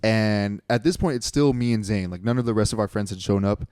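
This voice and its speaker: A man's voice: lowish voice, brisk, smooth, no room sound, studio quality. A young man in his twenties co-hosting a comedy podcast, telling a rambling story that he keeps correcting. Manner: rambling, self-correcting, animated when quoting friends. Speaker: podcast co-host.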